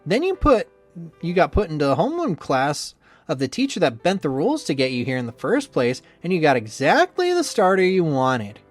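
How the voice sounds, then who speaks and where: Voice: medium pitch, wildly swooping pitch, fairly quick. A spiteful young rival man, voiced by the reader, sneers through every line and swears freely. The speech rises and falls in wide swings. Faint music plays behind him. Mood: sneering. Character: bitter, resentful young male rival, sneering. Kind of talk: visual novel voice acting.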